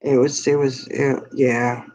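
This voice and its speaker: A woman's voice: a bass voice, little pitch movement, slow, mellow. A woman telling a long story in casual chat, laughing often and saying "you know" a lot. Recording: dull lo-fi sound.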